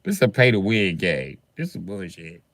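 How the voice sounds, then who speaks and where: A man's voice: deep voice, sing-song, moderate pace, a bit bright, dry recording. A man in his forties chatting casually on a livestream, answering viewers with profane, slangy, joking banter. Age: 40s.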